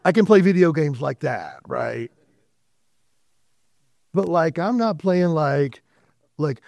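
A pastor in a church sanctuary preaches a sermon, addressing the congregation conversationally with asides and quoted dialogue. His voice is a little high, gravelly, and a little mellow, expressive and slow with frequent pauses, on a dry recording.

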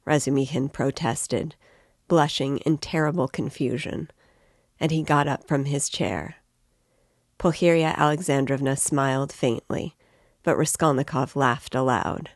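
A woman reading a novel aloud in a measured, even way, as the show's guide, on a close mic. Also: very deep voice, dry recording. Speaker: reader and guide.

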